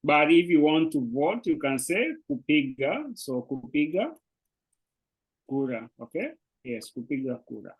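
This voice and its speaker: Here a man who teaches Swahili, speaking natively, walks through an online language lesson in English. He's very animated yet unhurried, with a somewhat high, breathy voice, and he keeps hesitating, filling pauses and restarting. The recording is rough.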